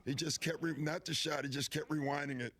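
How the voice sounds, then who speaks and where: A man's voice: a little high, fairly even intonation, a little fast, a bit bright. A former basketball player telling stories in an interview, laughing as he talks. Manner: laughing storyteller.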